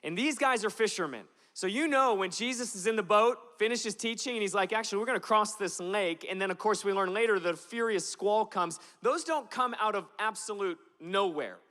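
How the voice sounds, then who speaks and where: A man from Alaska preaching a passionate sermon in a church, moving from slow, weighty lines to animated storytelling. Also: high voice. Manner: passionate, builds from slow emphatic lines to loud animated retelling. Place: church auditorium. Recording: long hall reverb.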